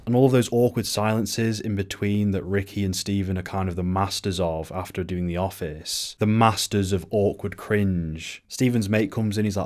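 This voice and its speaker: A man's voice: sits low, fairly even intonation, normal speed, hardly any pauses, darkish tone. A man doing casual film commentary at home, sarcastic and mock-pompous. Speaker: video essayist. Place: home room.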